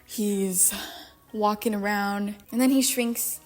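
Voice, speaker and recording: A young adult woman giving casual film commentary in a profane, sarcastic, animated way. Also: mid-range voice, slow, faint music behind. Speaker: YouTube commentator.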